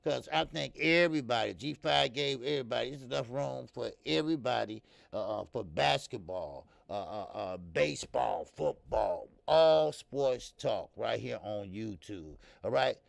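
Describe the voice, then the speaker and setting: A man's voice: mid-range voice, lively intonation, a little slow, creaky, few pauses, dry recording. A middle-aged American man hosting a casual live boxing talk stream, loose and profane, laughing and talking straight to viewers. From American Midwest. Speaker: boxing talk show host. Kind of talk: casual live-stream chat reading comments.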